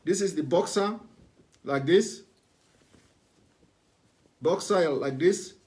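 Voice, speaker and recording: A man's voice: a little high, slow, darkish tone. A man giving a repetitive, instructive demonstration to viewers in a live broadcast. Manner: repetitive, instructive, plain spoken.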